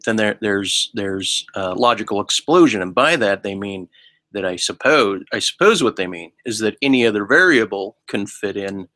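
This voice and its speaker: A man's voice: lowish voice, bright, forceful tone, no room sound. Rambling, musing man in a dry room. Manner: halting and musing, many restarts; ends phrases with a questioning "right?". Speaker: solo vlogger. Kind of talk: rambling philosophical monologue.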